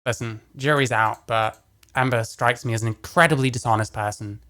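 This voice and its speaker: A man's voice: medium pitch, a bit bright. A man giving blunt, mocking, profane commentary as he reacts to a clip.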